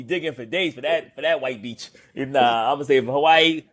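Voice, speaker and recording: A man's voice: medium pitch, normal speed, few pauses, fairly bright tone. A man co-hosting a casual chat and cracking amused jokes. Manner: joking, amused.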